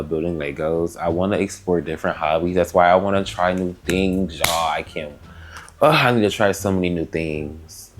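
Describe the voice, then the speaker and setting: A young man chatting in a casual, rambling, slangy way, answering get-to-know-me questions on his vlog. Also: low-pitched. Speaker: vlogger. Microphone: camera mic.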